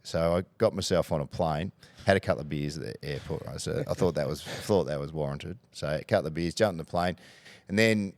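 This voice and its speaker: A middle-aged Australian man with a very low voice recounts stories in a relaxed podcast chat. He slips into the voices of the people he quotes. The sound is close and dry. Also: brisk, gravelly, no room sound. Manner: animated anecdotes, acting out quoted voices. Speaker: guest, former football coach. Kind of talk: podcast storytelling.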